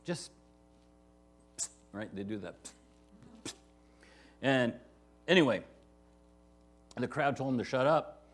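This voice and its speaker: Speaking slowly and expressively in a mid-range voice, with long pauses and faint music behind him, a pastor works verse by verse through a sermon in a church sanctuary. His tone with the congregation is conversational, and he often asks "right?".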